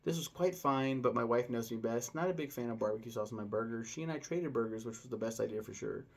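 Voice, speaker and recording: Casual male vlogger, thirties, gravelly mid-range voice, rambling, excitable food talk. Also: medium pitch, fast talker. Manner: rambling, enthusiastic, many fillers and laughs. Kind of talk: casual vlog chat.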